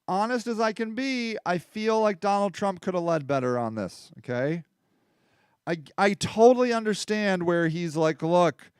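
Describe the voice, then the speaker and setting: A man's voice: a little high, clean tone, dry recording, clean studio sound. A middle-aged man hosting a casual political talk show, rambling and growing heated and emphatic as he rants. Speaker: livestream host.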